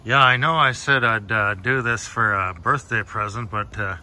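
A man rambling through a jokey, absurd street vlog outdoors, swearing and breaking into sudden squeaky outbursts. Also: normal speed, bright, forceful tone. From Canada. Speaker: vlogger. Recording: outdoor street noise and traffic.

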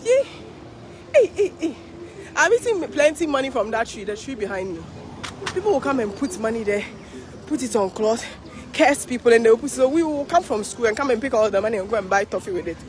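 A woman's voice: a little high, lively intonation, fast, noisy background. A Ghanaian woman vlogging live while walking along a street parade, tired from the walk, chatty and exclaiming. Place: outdoor city street at a parade.

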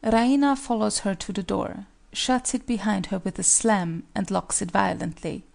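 Woman with a gravelly, measured narration. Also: mid-range voice, darkish tone. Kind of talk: audiobook stage-direction reading.

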